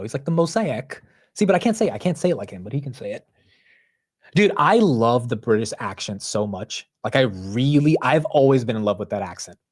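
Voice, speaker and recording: A young guy runs a stock market livestream, chatting casually with a mid-range voice. He rambles in an animated way and keeps throwing in "bro" and "dude."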